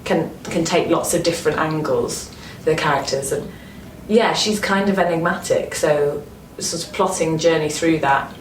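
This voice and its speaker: Low-voiced Northern English actress, roomy and distant. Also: female voice, normal speed, few pauses. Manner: animated, enthusiastic, lots of restarts. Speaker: actress interviewee. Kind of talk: casual interview chat. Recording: roomy, distant mic with faint noise.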